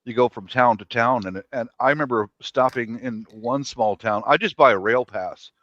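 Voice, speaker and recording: A man's voice: mid-range voice, normal speed, a bit bright, no echo. A man telling a story on a podcast, stumbling over repeated words, heard over a dull lo-fi line.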